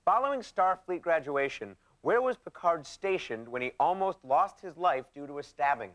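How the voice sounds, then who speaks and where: A man's voice: fairly high pitch, moderate pace, dry recording. A man hosting a television game show in an upbeat, announcer-like way. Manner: energetic, announcer-like. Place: TV studio. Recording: studio with audience and music. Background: studio audience and show music.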